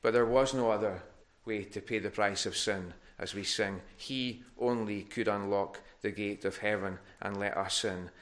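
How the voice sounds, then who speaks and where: A man's voice: lowish voice, fairly even intonation, normal speed, few pauses, fairly bright tone. A man preaching a sermon in a church, earnest and given to restarts, rising in force on his appeals. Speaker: pastor.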